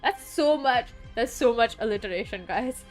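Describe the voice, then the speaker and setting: A woman's voice: on the high side, lively intonation, normal speed, faint music behind. A woman streamer giving casual, joking gameplay commentary, chatty and sometimes swearing.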